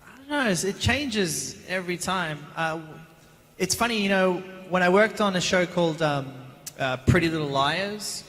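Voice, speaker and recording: An Australian man tells stories on a convention stage, joking and sliding into other accents as he goes. His voice sits a little on the high side, and it rings out with the long reverb of a large hall. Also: moderate pace. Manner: lively, jokey, slips into other voices and accents. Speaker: actor guest on a convention panel. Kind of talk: casual Q&A storytelling.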